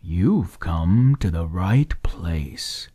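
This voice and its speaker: A man plays a deep-voiced, sly frog tailor in a hushed whispered role-play. He coaxes slowly in a dark, husky tone, very close and dry. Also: animated, no room sound, exaggerated voice. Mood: coaxing. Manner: coaxing, slow and drawn out. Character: big-mouthed male frog tailor, sly and jolly.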